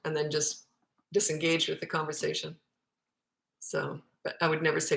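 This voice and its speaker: A woman's voice: deep voice, monotone, normal speed, creaky, a bit bright. A woman parenting coach answering viewer questions live, speaking in a blunt, emphatic way. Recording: echoey room.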